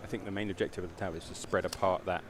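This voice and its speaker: Brief: male co-commentator, slightly low voice, relaxed analytical chat, faint background hiss. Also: rapid-fire. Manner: relaxed, analytical, chuckles while telling stories. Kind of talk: casual live game commentary.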